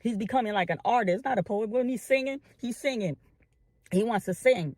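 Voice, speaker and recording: A woman's voice: fairly high pitch, fairly quick, a little mellow, dry recording, clean studio sound. A woman commentator making an impassioned address to her online followers, repeating phrases and stalling on long "um" fillers. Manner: addresses the audience as family.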